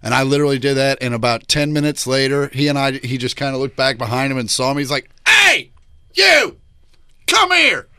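A man's voice: medium pitch, level tone, fast talker, few pauses, a bit bright, clean tone, no room sound. A man who is a guest comedian on a podcast, telling anecdotes in casual chat and acting out the voices in them. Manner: storytelling, acts out the voices in his anecdotes.

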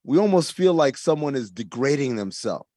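A man's voice: medium pitch, animated, moderate pace, warm tone, no room sound, clean studio sound. A man in casual conversation, explaining his views earnestly and making his point through comparisons. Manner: earnest, explanatory, uses analogies.

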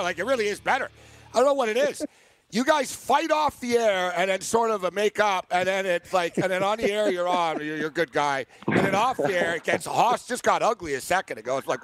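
A man's voice: high voice, lively intonation, a little fast, fairly bright tone, faint music behind. A man hosting a sports talk show, arguing heatedly and talking over his co-hosts. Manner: fired-up, argumentative, talks over others.

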